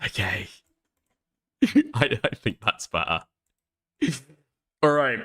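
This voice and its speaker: A man's voice: mid-range voice, animated, very slow, pushed and bright. A man reacting to clips on stream, sarcastic and swearing constantly. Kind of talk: profane reaction commentary.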